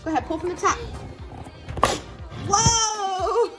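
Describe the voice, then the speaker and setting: A woman toy blogger chatting casually at home as she unboxes toys, gushing and gasping with excitement. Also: extremely high pitch, takes it slowly, loud music behind the voice. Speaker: toy collector and parent blogger.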